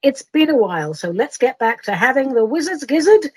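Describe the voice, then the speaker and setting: A woman's voice: sits high, very animated, brisk, slightly rough, no echo. A woman hosting a podcast, chatting playfully and reading her own silly poetry aloud in a self-mocking way. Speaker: podcast host. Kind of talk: casual chat and comic poetry reading.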